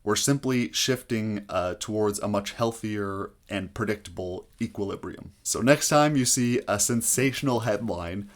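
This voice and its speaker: A man's voice: lowish voice, normal speed, few pauses. A man explaining housing market math step by step, talking to viewers with frequent "uh" fillers. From Canada. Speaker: real estate agent explaining market math. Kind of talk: explainer video to camera.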